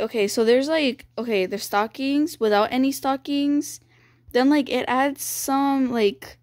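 Young female gaming creator: bright high voice that swoops all over, gasps, gushes, dry close sound. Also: no echo. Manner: gushing and excitable, gasping, repeating "dude" and "bro". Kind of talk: excited game walkthrough commentary.

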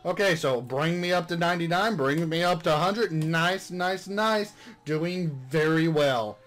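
Chatty guy playing through a story game, slightly high voice, faint music behind. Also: measured pace, fairly bright tone. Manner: chatty, reads game text aloud. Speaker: gaming channel host. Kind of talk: casual game playthrough commentary.

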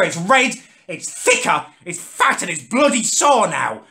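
A man's voice: high-pitched, big pitch swings, a little slow, sharp tone. Ranting indignant man in his thirties. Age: 30s. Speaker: comedic vlogger. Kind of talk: comedic rant to camera.

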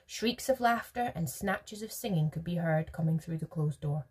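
A woman, a teacher, reading a children's storybook aloud with gentle narration and soft whispered stretches. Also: sits low, normal speed, hardly any pauses, breathy edge.

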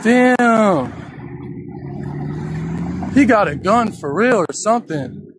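High-voiced, excitable street streamer man. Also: slow, noisy background. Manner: profane, slangy, jumpy and excitable. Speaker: live streamer. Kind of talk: live street vlogging. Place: outdoors on a city street.

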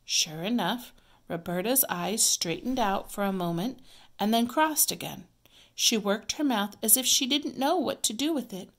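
A woman teacher reading a children's story aloud, clear, expressive and measured. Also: medium pitch.

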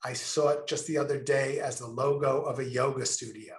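A man presenting a creativity session in a lecture style, speaking expressively with emphatic, drawn-out pauses. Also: medium pitch, fairly even intonation, roomy sound. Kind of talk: lecture-style talk to a remote audience.

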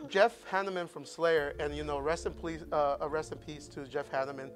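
High-voiced man telling profane stories. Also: steady tone, a little fast, faint music behind. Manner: profane storytelling, acts out voices. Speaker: guest. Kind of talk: casual podcast chat.

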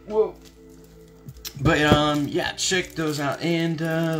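A man's voice: fairly high pitch, expressive, slow pace, music in the background. A young man, a voice actor, chatting casually with viewers on a livestream while signing autographs, laid-back and upbeat.

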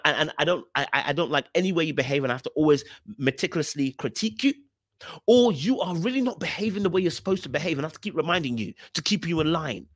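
A British man hosting a commentary podcast, pressing his points with repetition and emphasis. His voice swings widely in pitch and sits slightly high for a man. The sound is dry and close, with no room around it. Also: fairly bright tone, no room sound. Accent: British English. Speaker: podcast host reviewing reality TV clips. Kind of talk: commentary on video clips.

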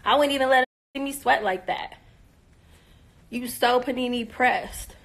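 Woman, high and bright, confrontational live-stream rant, profane and mocking, voice wearing thin. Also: normal speed. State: losing her voice.

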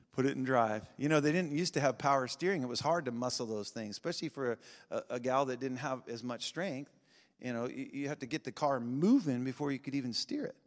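A man preaching a revival sermon, swinging between shouting and quiet intensity and laughing often. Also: mid-range voice. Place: large church sanctuary. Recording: long reverb of a big hall.

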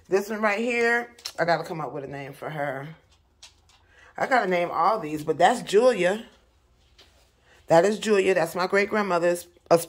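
A young woman talks casually to her audience from her home, chatty and animated. Her voice sits a little low for a woman. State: out of breath in places. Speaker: vlogger. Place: home, indoors.

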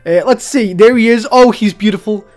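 A man giving chatty, excitable live commentary while he plays a video game as a streamer. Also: sits high, moderate pace, faint music behind. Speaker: gaming streamer.

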